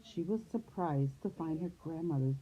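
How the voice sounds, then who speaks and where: A woman's voice: low voice, moderate pace, breathy edge. A woman teacher reading a storybook aloud to young children, telling it expressively. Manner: expressive storytelling, shifts into character voices. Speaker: preschool teacher. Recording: phone-like lo-fi sound.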